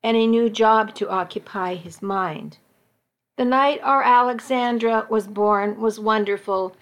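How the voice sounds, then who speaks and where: Woman reading out a personal story, fairly high voice, calm and steady. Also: measured pace. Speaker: narrator.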